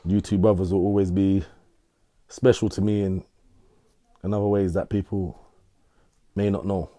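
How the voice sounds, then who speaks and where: A man's voice: low-pitched, level tone, moderate pace, warm tone, dry recording, clean studio sound. Middle-aged man telling a rambling story. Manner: rambling, repeats himself, London street slang. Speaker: interviewee. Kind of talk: casual storytelling.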